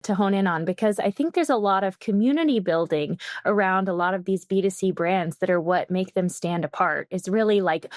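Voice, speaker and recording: A woman's voice: mid-range voice, no room sound, clean studio sound. A woman co-hosting an interview podcast in a chatty, enthusiastic way. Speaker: co-host.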